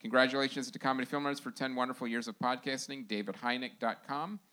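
A man hosting a podcast live, reading sponsor shout-outs in a loose, laughing, informal way. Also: mid-range voice, steady tone, fast talker, smooth. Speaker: podcast host. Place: live show venue.

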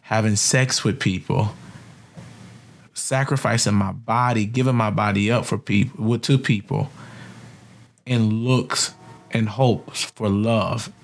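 A man's voice: on the low side, steady tone, gravelly. Tearful man sharing heartfelt testimony. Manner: heartfelt, slow and emphatic, choking up. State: near tears. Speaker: podcast host. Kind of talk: emotional personal testimony.

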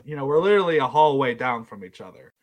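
Southern young guy rambling thru a story, jokes at his own expense, regular pitch. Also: lively intonation, fast talker. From South Carolina, US. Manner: rambling, self-deprecating, acts out quoted voices. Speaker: podcast storyteller. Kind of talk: casual storytelling.

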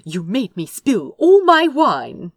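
Woman voicing a fretful gentle young prince. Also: a little high, huge pitch swings, slow, no echo, clean studio sound, voice pushed up, full character voice. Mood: flustered. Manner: anxious, fussing, breathy exclamations.

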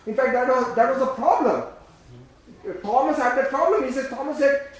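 A man preaching a sermon in an emphatic, repetitive way, swinging between loud bursts and hushed lines, and leading the congregation in repeating phrases. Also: very high-pitched, moderate pace. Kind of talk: sermon with call-and-response. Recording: very echoey room.

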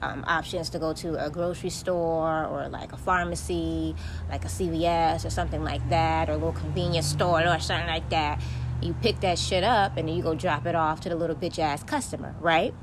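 A woman's voice: deep voice, steady tone, a little fast, background noise. A young woman hosting a podcast, ranting bluntly and profanely in a casual monologue. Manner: profane, blunt, heated storytelling. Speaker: podcast host.

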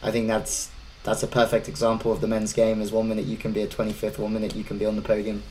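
A man's voice: on the low side, monotone, quick pace, darkish tone, a little hiss or hum, low-quality recording. A man hosting a podcast interview, asking questions in a casual, easygoing way. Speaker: podcast host.

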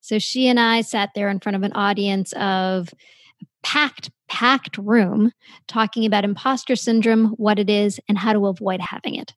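A woman's voice: mid-range voice, fairly even intonation, normal speed, dry recording. Upbeat podcast host woman, dry sound. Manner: upbeat, effusive. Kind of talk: scripted podcast introduction.

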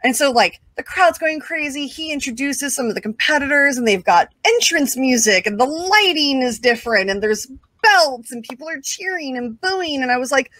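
A woman telling a long personal story as an interview guest, casual and animated, full of fillers and quick asides. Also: high voice, no echo.

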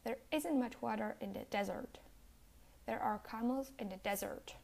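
A woman with an American accent teaching a pronunciation lesson, saying example words slowly and deliberately. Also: on the high side, vocal fry, a little mellow. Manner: slow, deliberate, over-articulated example words.

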